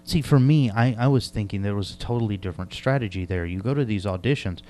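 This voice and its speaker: A man's voice: on the low side, fast talker, a little mellow. Man, radio host, from North Carolina, chatty, laughs a lot. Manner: laughing, self-mocking, chatty. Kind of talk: casual interview chat.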